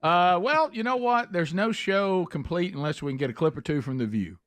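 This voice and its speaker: Male talk radio host, slightly high voice, dry close mic, loose and hesitant banter. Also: expressive, a little fast, a bit bright, dry recording. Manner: hesitant, full of "uh", drifting into teasing.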